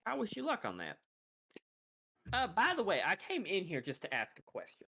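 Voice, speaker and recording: Animated, bright-voiced man running the game. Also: high voice, normal speed, vocal fry, husky. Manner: playful, animated narration. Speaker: game master. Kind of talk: narrating a tabletop game.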